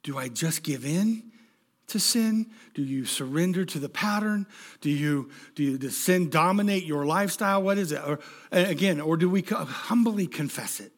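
Emphatic higher-voiced male pastor preaching. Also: expressive, normal speed. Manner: emphatic, stammering restarts, direct questions to the congregation. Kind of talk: sermon.

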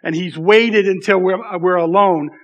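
High-voiced man preaching a casual sermon. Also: a little slow. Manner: conversational, self-deprecating, frequent "right?" asides. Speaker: pastor.

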